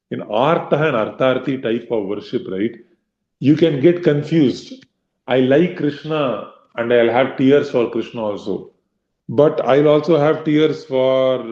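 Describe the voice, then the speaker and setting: A man's voice: mid-range voice, mellow. A man giving a devotional scripture lecture in a conversational way, acting out inner voices with many fillers. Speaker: devotional speaker. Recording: roomy, slightly dull recording.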